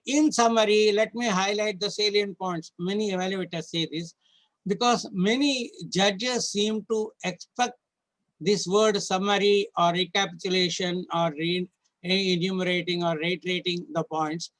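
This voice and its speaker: A man giving an online training lecture to contest judges, stepping through slides point by point in a halting, instructive way. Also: high voice, steady tone, fairly bright tone, poor audio.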